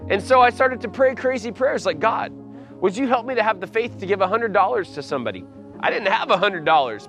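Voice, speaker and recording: A man preaching a personal testimony, telling the story with animated energy and frequent restarts. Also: high-pitched. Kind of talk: testimony sermon.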